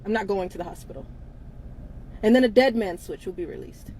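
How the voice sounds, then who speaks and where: A woman's voice: medium pitch, expressive, brisk, a little mellow, a little hiss or hum, low-quality recording. A woman hosting a casual livestream, talking bluntly with frequent swearing and laughter. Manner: blunt, profane, laughs often between lines. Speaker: livestream host.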